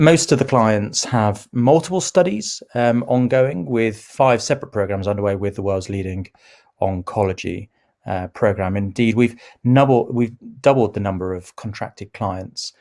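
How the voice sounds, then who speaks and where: A man with a fairly low, croaky voice walks investors through company results. He talks in a halting way, full of ums and restarts. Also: a little mellow. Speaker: company chief executive presenting results. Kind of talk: corporate investor presentation.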